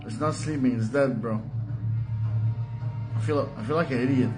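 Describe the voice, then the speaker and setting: A man's voice: medium pitch, moderate pace, music in the background. A man in a played video clip, complaining in an exasperated, self-mocking way and calling the listener bro.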